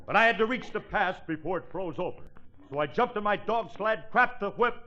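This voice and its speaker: Blustering sitcom lead, man, 1950s radio; high, very animated, muffled broadcast sound. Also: brisk. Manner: brash and blustering. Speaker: sitcom star and host. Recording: dull old radio broadcast.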